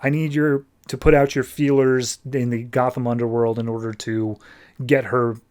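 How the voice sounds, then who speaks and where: A man's voice: medium pitch, level tone, normal speed, a little mellow, smooth, natural voice. An impatient young heroine, put on by a man, whose voice rises slightly in sarcastic disbelief. She snaps out her lines, barely hiding her annoyance. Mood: exasperated. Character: exasperated young female vigilante.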